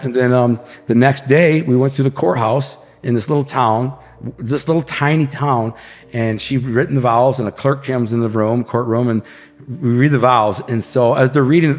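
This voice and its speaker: A man's voice: mid-range voice, long reverb tail. A man telling his life story as an interview guest, loose and slangy, with lots of restarts. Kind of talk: casual storytelling.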